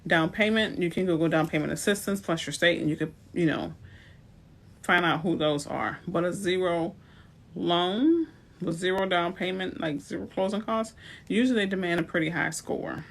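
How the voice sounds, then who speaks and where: Her fairly low, creaky voice moves at a moderate pace as this New Orleans, USA, realtor gives advice over a live stream. She speaks with a New Orleans accent and keeps things chatty with playful remarks to viewers.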